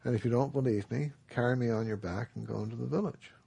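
A man voicing a patient, gentle divine male teacher who calmly explains himself, with a husky, gravelly voice. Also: medium pitch, fast talker. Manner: calm, explaining kindly.

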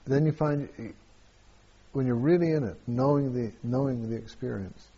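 A man, a meditation teacher, answers questions at a retreat in a halting way, with many fillers and restarts and frequent chuckles. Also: medium pitch, mellow, husky, dull audio.

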